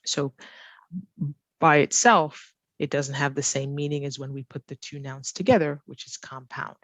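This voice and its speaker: A woman ESL teacher explaining grammar and pronunciation, slowly repeating key phrases for learners. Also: rumbling low, fairly even intonation, fairly bright tone, no room sound. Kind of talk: slow, careful teaching explanation.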